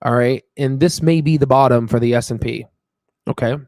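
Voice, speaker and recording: A man giving casual, excitable stock market commentary while sharing his screen, emphatic and swearing now and then. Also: medium pitch, normal speed, no room sound, studio quality.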